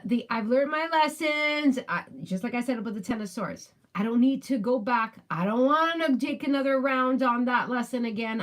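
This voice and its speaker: Woman, tarot reader, casual chat, slightly high voice, emphatic and repetitive. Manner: chatty, musing aloud, emphatic repetitions.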